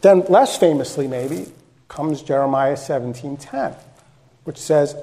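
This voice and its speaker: A man's voice: a little high, lively intonation, a little slow, a little mellow. A male pastor preaching a sermon in a conversational, direct way, repeating phrases for emphasis.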